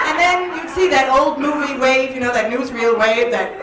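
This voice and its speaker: A woman doing a stand-up comedy set, animated and jokey, in a comedy club with an audience. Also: high voice, normal speed, few pauses, very noisy. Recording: echoey club from far off, loud crowd. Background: audience laughter.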